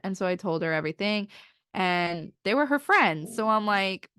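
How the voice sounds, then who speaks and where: In a clean, dry studio recording, a twentysomething woman co-hosting a podcast tells a personal story casually, leaning on "like" and performing the quotes. Her mid-range voice is fairly bright, clear and resonant, and she moves at a moderate pace.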